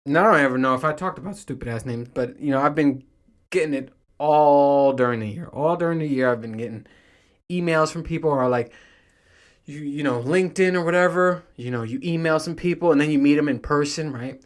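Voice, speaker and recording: A man's voice: fairly high pitch, brisk. A man in his thirties hosting a solo podcast, chatting casually in a rambling, profane way and laughing often. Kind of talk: casual monologue.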